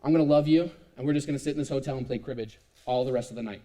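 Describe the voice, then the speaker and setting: A young man voicing his gentle, patient middle-aged father, speaking calmly and softly in a storytelling sermon. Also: mid-range voice, racing, pitched below the performer's own voice, close to an everyday voice.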